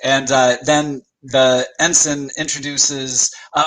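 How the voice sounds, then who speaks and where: Bright-voiced male game master. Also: mid-range voice, a little hiss or hum, rough recording. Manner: quick narration full of "like" and "uh". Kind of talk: narrating a tabletop game.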